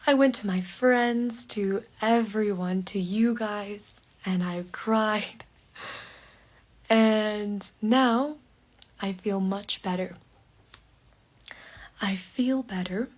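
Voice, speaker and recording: A woman telling a personal story very slowly in short, separate phrases, often dropping to a breathy half-whisper. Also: medium pitch. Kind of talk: slow personal storytelling for learners.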